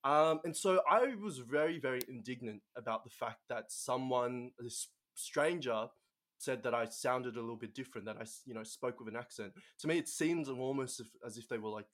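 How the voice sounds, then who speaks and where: A man's voice: mid-range voice, normal speed, fairly bright tone. A young man from Australia with an Australian accent, telling a story as a guest in casual conversation, chatty with many fillers.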